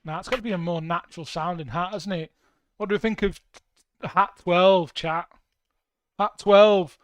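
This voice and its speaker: Brief: young guy, high pitch, playful and rambling, livestream producer chatting to his audience. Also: steady tone, normal speed, a little hiss or hum. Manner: playful, rambling, jokey asides to chat. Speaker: band member streaming music production. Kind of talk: casual livestream chat while producing.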